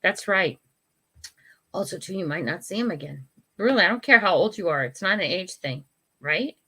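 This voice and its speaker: Older woman chatting on a bright livestream. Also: on the low side, animated, normal speed, breathy edge. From United States. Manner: chatty, frank, laughs often, apologizes and restarts. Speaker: livestream host. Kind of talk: casual live chat reading viewer comments.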